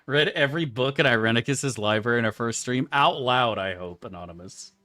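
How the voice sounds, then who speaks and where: A man's voice: mid-range voice, fairly quick, pushed and bright, dry recording. A young man streaming a game, chatting casually with his viewers in a laid-back, joking and profane way. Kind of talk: casual live-stream chat.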